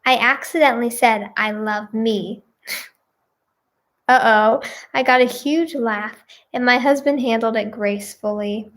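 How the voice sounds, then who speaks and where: A woman giving casual reaction commentary, reading posts aloud with giggly, exclamatory remarks. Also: fairly high pitch. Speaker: singer and video creator.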